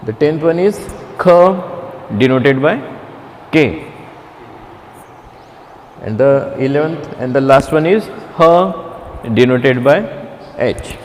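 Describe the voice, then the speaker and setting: A man teaching a beginner Chinese class, speaking haltingly with many restarts and fillers. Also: mid-range voice, expressive, darkish tone, long reverb tail, a little hiss or hum. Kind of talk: classroom lecture.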